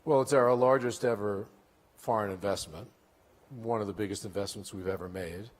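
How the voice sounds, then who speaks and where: A man in his sixties, a chief executive speaking onstage as a keynote guest, measured and deliberate with a light dry humor. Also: lowish voice. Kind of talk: onstage conference interview. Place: conference stage in a large hall. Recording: long hall reverb.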